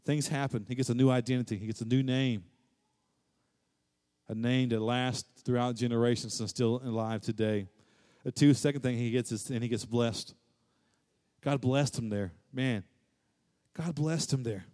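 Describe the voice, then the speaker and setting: A man preaching a sermon, rising to loud high peaks and dropping to quiet, low stretches, and repeating phrases for emphasis. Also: steady tone, normal speed. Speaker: pastor.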